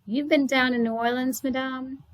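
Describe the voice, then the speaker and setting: A woman voicing a calm, proud young woman. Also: high-pitched, lightly acted, poor audio. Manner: calm, proud, quiet, with French words drawn out slowly. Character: calmly proud young woman from New Orleans, free woman of color. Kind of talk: read-aloud storybook.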